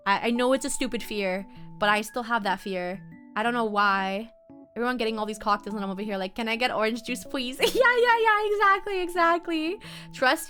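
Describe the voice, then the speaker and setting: Giggly bright-voiced young woman streamer. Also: fairly high pitch. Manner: giggly, chatty, often laughing; reads and answers chat messages. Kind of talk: casual live-stream chat.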